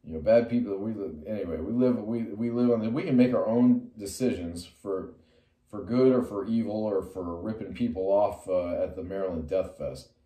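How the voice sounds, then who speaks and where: A man's voice: lowish voice, moderate pace, mellow. Middle-aged man rambling in a roomy space. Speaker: metal musician and artist. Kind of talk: rambling personal storytelling to camera. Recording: roomy sound from a distant mic.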